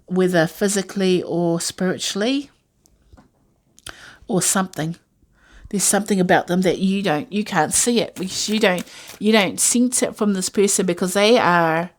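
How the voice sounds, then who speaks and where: Woman, tarot reader, rambling and musing, lowish voice, casual chat. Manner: rambling, musing, many fillers and asides. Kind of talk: casual intuitive tarot reading.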